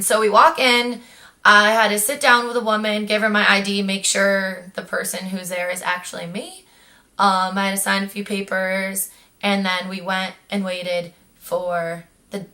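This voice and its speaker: A young woman vlogger telling a personal story in a chatty way, acting out what others said. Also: mid-range voice. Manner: chatty, animated quoting of others. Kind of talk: casual storytelling.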